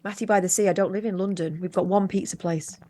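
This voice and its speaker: A woman co-hosting a late-night live stream, chatting casually with teasing, quick retorts. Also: medium pitch, steady tone, warm tone. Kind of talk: casual chat.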